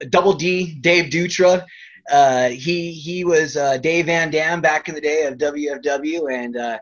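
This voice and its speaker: A man as a wrestler guest in an interview, telling rambling stories in a casual way and laughing often between them. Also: fairly high pitch. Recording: dull lo-fi recording.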